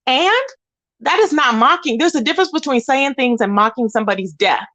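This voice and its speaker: A woman's voice: sits high, brisk, fairly bright tone. A woman hosting a livestream, ranting indignantly and emphatically while greeting chat viewers. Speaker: livestream host. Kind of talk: heated livestream rant.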